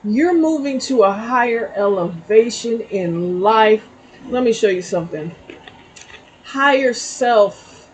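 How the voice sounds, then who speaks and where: A woman's voice: mid-range voice, measured pace, darkish tone, slightly rough, rough recording. A middle-aged woman giving a casual spiritual tarot reading, telling a story and checking in with "okay?". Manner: chatty, storytelling, frequent "okay?" asides. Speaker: tarot reader.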